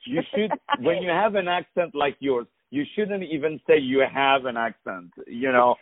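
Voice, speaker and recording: An effusive man hosts a radio interview in a slightly higher voice, piling on praise and stumbling over repeated words. The sound is dry and tinny like a phone line. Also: no room sound. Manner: effusive, flattering, halting with fillers. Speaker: radio show host.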